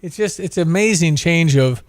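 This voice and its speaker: A man's voice: on the high side, expressive, normal speed, no room sound. Earnest, moralizing male talk show host.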